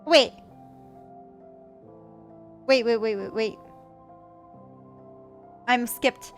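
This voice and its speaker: A young woman commenting on a game playthrough with animated, chatty reactions. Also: on the high side, extremely slow, pauses often, soft background music. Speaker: gaming streamer.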